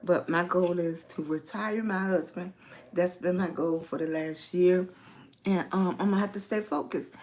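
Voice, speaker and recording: A middle-aged woman with a Virginian Southern accent, chatting casually on a livestream, greeting viewers by name and spelling them out. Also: on the low side. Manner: slow, warm greetings to chat, spells out viewer names. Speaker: lifestyle livestreamer.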